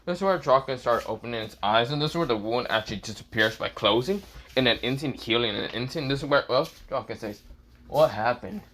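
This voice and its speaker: A man's voice: mid-range voice, lively intonation, quick pace, fairly bright tone, slight background noise. Rambling man improvising a fan story. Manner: rambling, many fillers and restarts.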